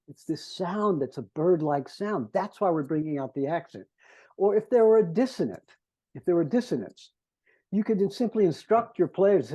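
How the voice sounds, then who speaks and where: Composer guy walking conductors thru his score, kinda high voice but soft n mellow, hums the tunes. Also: lively intonation, normal speed, poor audio. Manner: earnest teacher who hums melodies to illustrate.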